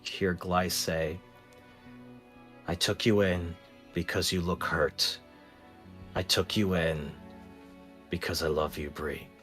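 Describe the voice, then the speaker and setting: Slow, low-voiced man as game master. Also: fairly even intonation, faint music behind. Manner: slow, low and hushed when narrating, livelier in banter. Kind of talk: narrating a tabletop game.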